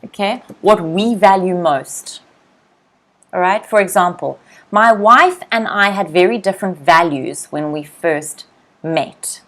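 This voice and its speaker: A young woman with an Australian accent teaching English vocabulary in a live online lesson, repeating each word slowly and greeting viewers by name. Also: lowish voice, fairly bright tone. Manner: slow, drilled word repetition.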